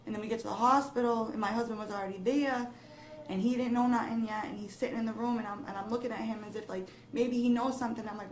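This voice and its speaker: A young woman gives an interview, recounting a frightening personal experience in a steady, low-key voice that grows more emotional as the story goes on. The room carries a noticeable echo, with a faint hiss of background noise under her words. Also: fast. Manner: breathless, rising emotion, quoting others in the retelling.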